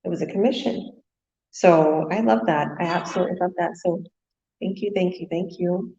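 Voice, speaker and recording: A woman's voice: on the low side, normal speed, roomy sound, lo-fi sound. A woman business coach hosting a webinar, heaping on praise and repeating her thanks. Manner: warm praise, laughs, repeats herself.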